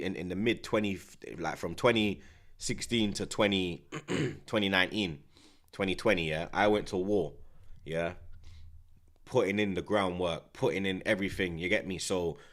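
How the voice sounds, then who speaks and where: A man, a football streamer talking in a loud, swaggering rant full of repeated slang tags. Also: fairly low pitch. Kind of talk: casual boastful rant.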